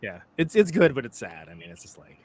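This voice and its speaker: A man's voice: medium pitch, very animated, quick pace, a little mellow, breathy edge. Laid-back joking man hosting a podcast. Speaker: podcast host. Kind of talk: casual music chat.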